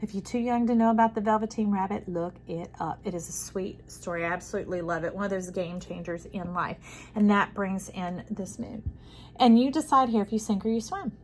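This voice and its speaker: A woman giving an intuitive tarot reading to camera. She talks soothingly, calls the listener "friend", and moves between soft hushes and emphatic bursts. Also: medium pitch, a little hiss or hum, rough recording. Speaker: tarot reader.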